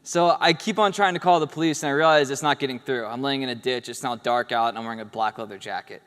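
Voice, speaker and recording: A man's voice: medium pitch, fast talker, fairly bright tone, clear, resonant tone. A man giving an award speech, telling a story in a casual, humorous way and acting out the quotes. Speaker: award speaker. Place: event hall stage. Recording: echoey hall.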